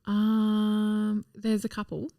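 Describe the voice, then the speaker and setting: Podcast co-host: woman, mid pitch, giggly and playful, dry close sound. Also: completely flat delivery, extremely slow, mellow, no echo. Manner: giggly, playful, swears casually. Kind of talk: casual podcast chat.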